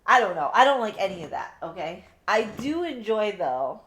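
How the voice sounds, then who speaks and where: A woman co-hosting a podcast, giving a blunt, profane, animated book review in casual chat. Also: mid-range voice, moderate pace. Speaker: podcast co-host.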